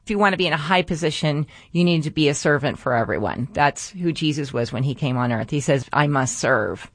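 A woman's voice: deep voice, quick pace, no room sound. Earnest woman hosting faith radio. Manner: preachy, earnest, drawing lessons from scripture. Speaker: radio show host. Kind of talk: faith-based radio talk.

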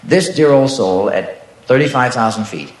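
A man's voice: medium pitch, expressive, moderate pace. A man telling stand-up stories, chuckling at his own jokes. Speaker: stand-up comedian. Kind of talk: stand-up storytelling. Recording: echoey club with crowd noise.

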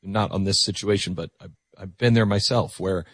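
A man's voice: low voice, moderate pace, dry recording, clean studio sound. A man hosting a call-in radio show, taking callers in an earnest, reflective way with frequent stammered restarts. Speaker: radio talk show host.

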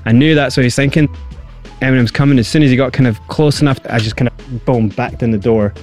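Animated man telling his story. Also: mid-range voice, quick pace, soft background music. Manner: animated, acts out quoted voices. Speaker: interview guest. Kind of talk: candid storytelling.

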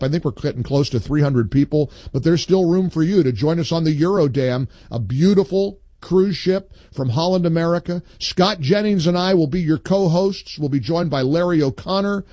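A man hosting a call-in talk radio show, reading listener posts aloud with emphatic pauses and chatting with callers. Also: on the high side, dark tone, no room sound.

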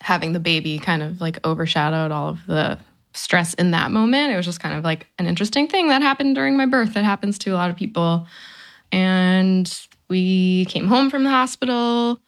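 A woman's voice: on the low side, normal speed. A woman in her thirties speaking candidly in an interview, conversational with frequent fillers. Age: 30s. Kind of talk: casual interview.

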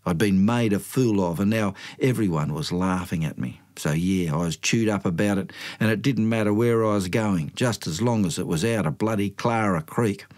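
Older Australian bloke, colloquial yarn-spinner, self-mocking storytelling. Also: male voice, on the low side, normal speed, few pauses, darkish tone. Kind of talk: spoken storytelling.

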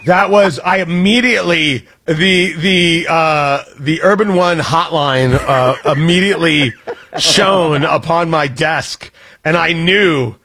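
A man's voice: a little high, takes it slowly, bright, forceful tone, a little hiss or hum. A man hosting a radio show with a Midwestern accent, joking and laughing at himself through on-air banter. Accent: American Midwest. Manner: joking, self-deprecating, laughs often. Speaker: radio host.

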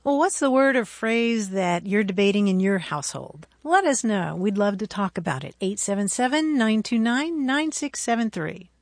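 A woman's voice: medium pitch, lively intonation, normal speed, hardly any pauses, dry recording. A female radio co-host, friendly, asking questions and inviting listener calls. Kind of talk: radio talk.

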